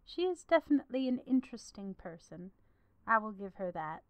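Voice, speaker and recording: A woman's voice: medium pitch, big pitch swings, brisk, no echo, lightly acted. A woman voicing a frank, matter-of-fact female alchemist and shopkeeper in a tabletop game.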